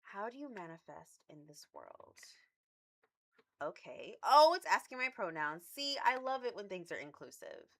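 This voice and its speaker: A woman's voice: medium pitch, big pitch swings, normal speed, fairly bright tone. A woman streaming a dating game, chatty and easily sidetracked, scolding her cat between comments. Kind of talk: casual gaming stream commentary.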